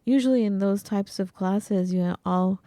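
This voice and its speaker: Playful woman podcast co-host, mellow tone. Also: mid-range voice, measured pace, no room sound. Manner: playful, laughs often. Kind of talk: casual chat.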